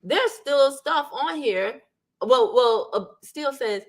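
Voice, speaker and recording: A woman with a slightly high voice gives casual legal commentary, chatting straight to her viewers. She is animated and talkative, and she slips into the voices of the people she quotes. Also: takes it slowly. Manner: chatty, addresses viewers as "y'all", acts out quotes. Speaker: legal commentary channel host.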